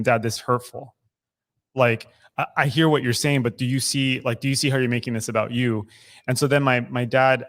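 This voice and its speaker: Candid man in his thirties, mid-pitched. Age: 30s. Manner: candid and emotional, with frequent restarts and swearing. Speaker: podcast co-host. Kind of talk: casual recovery podcast talk. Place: recovery club room.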